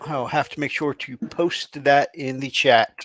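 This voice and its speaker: A man's voice: mid-range voice, steady tone, measured pace, fairly bright tone, slight background noise. A man co-hosting a casual live chat, upbeat and laughing often. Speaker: co-host of a hobby livestream.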